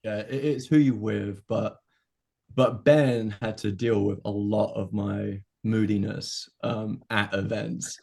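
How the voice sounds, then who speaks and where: A man's voice: fairly low pitch, slow, creaky. A man, a guest wrestler telling stories in casual chat, laughing often. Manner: laughing, animated storyteller.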